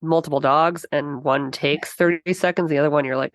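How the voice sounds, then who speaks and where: A woman co-host chatting casually and backing up the others with quick interjections and playful voices. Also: low-pitched, steady tone, dry recording. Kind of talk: casual conversational chat.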